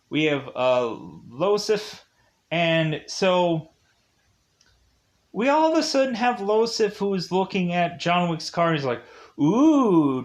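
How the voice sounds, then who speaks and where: Slow, rambling man reviewing a movie. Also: sits high. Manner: rambling and digressive, heavy use of "like" and "uh".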